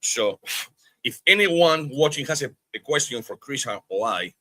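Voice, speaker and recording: A man co-hosting a podcast banters playfully, swearing and joking in casual chat. His voice is bright and swings widely in pitch, and the sound is close and dry with no room echo. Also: expressive, measured pace. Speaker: podcast co-host. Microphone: remote streaming call.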